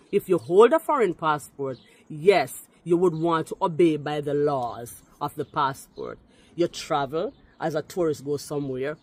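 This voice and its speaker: A woman from Jamaica with a Jamaican accent who speaks English mixed with patois and gives an indignant, forceful rebuttal aimed straight at someone. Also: low-pitched. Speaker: commenter responding to a video. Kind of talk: heated rebuttal talk.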